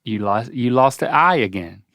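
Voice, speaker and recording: A man's voice: medium pitch, expressive, normal speed, a bit bright, no room sound, studio quality. A middle-aged man co-hosting a podcast, teasing and playfully quizzing his father. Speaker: podcast co-host. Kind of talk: casual chat. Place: indoor studio.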